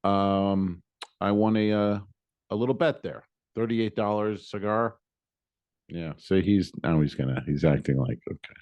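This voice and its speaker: A man's voice: low voice, unhurried, no echo, lo-fi sound. A man co-hosting a comedy podcast, telling a rambling story and acting out what people said. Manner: rambling, animated, quotes people in voices. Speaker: podcast co-host. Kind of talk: casual storytelling.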